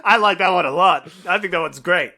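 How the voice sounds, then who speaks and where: His voice sits high, moving a little fast with a bright, forceful tone. As a podcast co-host, he chats casually about an old film, rambling with frequent fillers and swearing.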